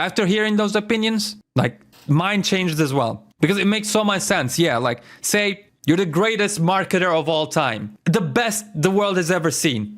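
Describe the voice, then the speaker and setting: A man's voice: high voice, fairly bright tone. A man on his own channel giving a casual, exasperated opinion rant about a wrestling show, with lots of fillers and rhetorical questions. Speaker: wrestling commentary YouTuber.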